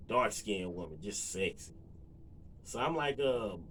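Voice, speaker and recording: Chatty man telling a story, lively pitch. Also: unhurried, a little hiss or hum. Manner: relaxed, rambling, lots of fillers and asides to viewers. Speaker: vlogger. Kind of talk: casual storytelling to camera.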